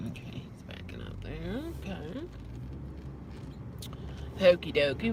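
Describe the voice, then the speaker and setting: A woman chatting casually with live viewers from her car, animated and quick to exclaim and laugh. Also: lowish voice, heavy background noise. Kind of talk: casual live-stream chat.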